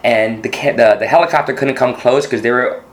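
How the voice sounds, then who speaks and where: A man in casual movie talk, recounting a scene with eager, tumbling restarts. His voice sits at a middling pitch, and he keeps the conversation rolling as a co-host. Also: brisk. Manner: animated retelling, full of restarts. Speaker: podcast co-host.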